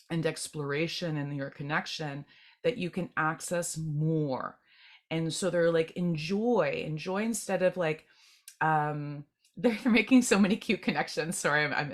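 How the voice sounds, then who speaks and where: A woman with a fairly low voice gives a spiritual group tarot reading. Her talk is gentle and meandering, with many halting restarts and repeated words as she searches for what she is sensing. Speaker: tarot reader.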